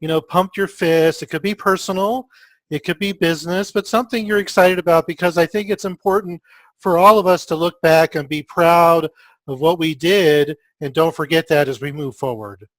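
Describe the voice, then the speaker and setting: A man's voice: on the high side, normal speed, a bit bright, no echo. A man hosting an interview, chatting in a friendly, easygoing way with fillers. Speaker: host. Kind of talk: casual interview talk.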